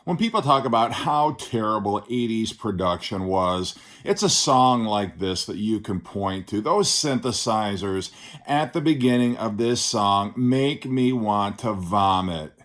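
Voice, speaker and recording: A man's voice: fairly low pitch, animated, unhurried, fairly bright tone. A man giving a casual album review as the channel's host, blunt and sarcastic, swearing freely. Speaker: record reviewer.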